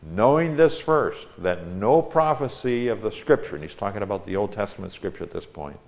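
A man's voice: fairly low pitch, expressive, normal speed, creaky, hardly any pauses, darkish tone. A man preaching a Bible-teaching sermon, reading Scripture aloud with rising emphasis and explaining it.

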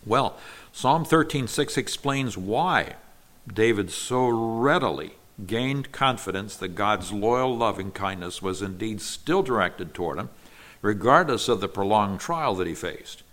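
Man, fairly low voice, earnest bible teaching, patient explaining. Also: expressive, a little slow, fairly bright tone. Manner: earnest, explanatory, with small restarts.

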